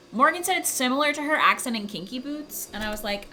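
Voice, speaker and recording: A woman hosts a casual livestream from home, chatting with viewers. Her voice is bright and her pitch swings widely. She giggles often and swears casually, and there is faint noise behind her. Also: animated, fast talker, few pauses. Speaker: livestream host.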